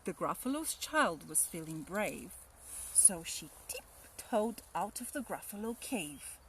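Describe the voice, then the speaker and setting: A woman teacher reading a rhyming picture book aloud with expressive, rhythmic storytelling. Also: lowish voice, slow pace, slight background noise.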